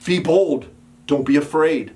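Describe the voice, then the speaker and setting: A man preaches as a pastor in a slightly high voice at a slightly slow pace. He builds emphatic, repeated calls, at times dropping into a soft, quiet storytelling voice.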